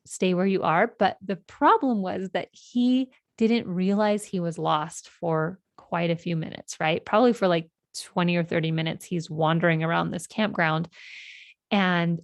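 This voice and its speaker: A woman's voice: on the low side, dry recording, clean studio sound. A woman in her thirties hosting a podcast, telling a personal story in a casual, emotional way with many fillers. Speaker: podcast host.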